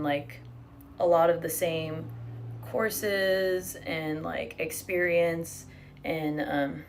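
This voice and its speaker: Her voice lowish and a little mellow, a young adult streamer chats casually from her home living room, reading out viewer comments and swearing freely while she braids her hair. There's a slight hiss or hum in the audio.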